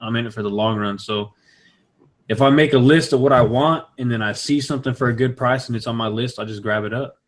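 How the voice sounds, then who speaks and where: A man's voice: medium pitch, fairly quick. A man on a collectors' panel, talking plainly about buying on a budget. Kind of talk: casual chat.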